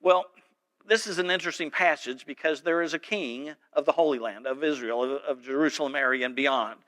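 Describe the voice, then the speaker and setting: A man, a pastor telling a story in a folksy, animated sermon. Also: on the high side, a little fast.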